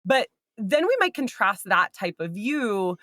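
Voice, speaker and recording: A woman co-hosting a casual philosophy podcast, lively and curious, laughing often. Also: mid-range voice, a little slow, no room sound, clean studio sound. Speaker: podcast co-host.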